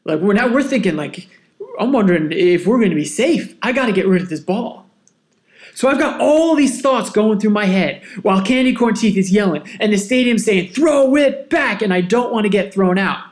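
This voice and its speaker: A man hosting a podcast, telling a personal story in a casual, animated, self-mocking way. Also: high-pitched, a little fast. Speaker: podcast host.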